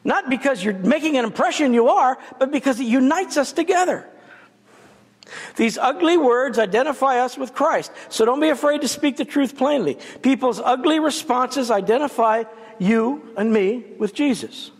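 A man's voice: very high voice, lively intonation, moderate pace, husky. A man giving a guest sermon in a church, conversational and dotted with humorous asides. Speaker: guest preacher. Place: church sanctuary. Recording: long church reverb.

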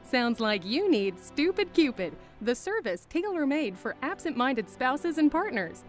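A woman's voice: high voice, very animated, measured pace, faint music behind. A woman voicing an upbeat announcer in a spoof commercial, selling a service. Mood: salesy. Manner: salesy, upbeat. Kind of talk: mock commercial voice-over.

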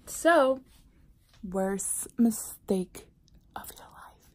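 A woman vlogger casually telling a personal story to camera, animated and dropping into whispered asides. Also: medium pitch, drawn-out words, slightly rough.

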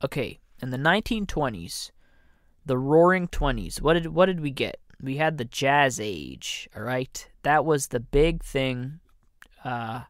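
Slow-talking man rambling on a podcast. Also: medium pitch, animated, dry recording, studio quality. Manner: joking, self-interrupting, slips into mock voices. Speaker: podcast host. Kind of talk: rambling comedic monologue.

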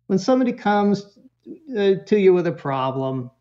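Animated male storyteller, slightly muffled. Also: fairly high pitch, moderate pace, vocal fry. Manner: animated storyteller with chuckles and voiced quotes. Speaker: guest, parenting expert. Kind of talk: storytelling in a podcast interview.

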